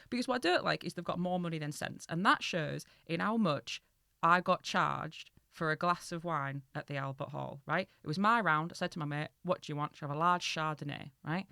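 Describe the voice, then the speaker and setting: A woman co-hosting a comedy podcast, telling stories in a lively way and laughing often. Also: deep voice, a little fast, gravelly, no echo, clean studio sound. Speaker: podcast co-host. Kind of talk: casual comedy chat.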